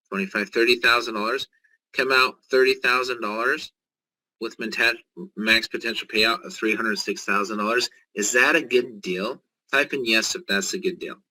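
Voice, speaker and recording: A man giving an excited, joking sales pitch in a live online presentation, walking viewers through figures. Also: low-quality recording.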